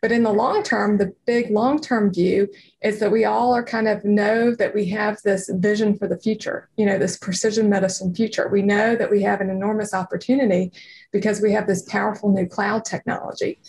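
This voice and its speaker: Guest: woman with a foreign accent, earnest, explanatory, gravelly edge. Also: mid-range voice, fairly even intonation, a little fast, a little mellow, a little hiss or hum. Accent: non-native English. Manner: earnest, explanatory, many fillers. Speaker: guest, radiologist and company founder. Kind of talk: interview answers.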